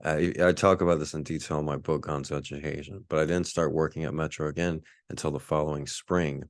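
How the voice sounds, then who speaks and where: A man's voice: very deep voice, fairly even intonation, quick pace, no echo. A man in his forties from Texas, telling a rambling, laid-back story as a podcast host. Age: 40s. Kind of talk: casual storytelling monologue.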